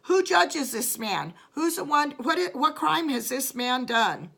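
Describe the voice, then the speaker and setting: A woman voicing a demanding male high priest who repeats his accusing questions. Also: sing-song, measured pace, creaky, a bit bright, heavily acted. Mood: interrogating.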